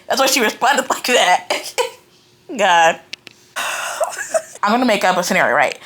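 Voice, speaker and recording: A young woman giving a casual, animated book reaction, ranting in exasperation and filling her talk with "like" and "right?". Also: mid-range voice, slow pace. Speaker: book reviewer. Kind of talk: casual reading-reaction rant.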